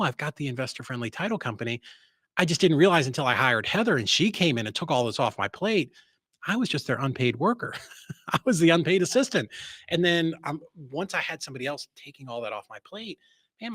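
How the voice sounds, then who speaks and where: A man speaking as a guest in a casual interview, blunt and self-assured, acting out quoted voices with sudden jumps in pitch. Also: no room sound. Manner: energetic, acts out quoted voices with sharp rises. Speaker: real estate investor and guest.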